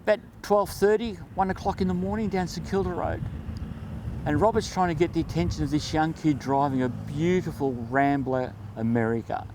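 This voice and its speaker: A man, the regular driver of an event truck, telling stories in a casual, animated way and acting out the voices in them. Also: a little high, normal speed, background noise. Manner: animated, acts out voices in anecdotes. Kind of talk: casual storytelling interview.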